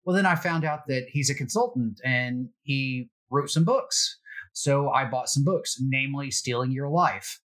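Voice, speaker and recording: A middle-aged man recounts his work exploits in easy, self-deprecating storytelling. He pauses on fillers and keeps things conversational, with a plain, mid-range voice. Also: medium pitch, a bit bright. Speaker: security guest. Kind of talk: casual storytelling.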